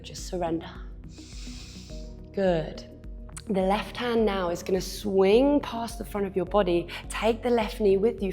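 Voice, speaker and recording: A woman instructor guiding a yoga class with calm, encouraging cues while she moves, a bit out of breath, sometimes dropping to a whisper. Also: lowish voice.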